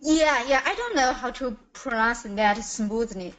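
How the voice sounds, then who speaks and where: A woman, not a native English speaker, slowly and carefully repeats practice phrases on a video call. Her voice sits a little high, and she talks at an unhurried pace. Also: a bit bright, low-quality recording. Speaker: pronunciation student.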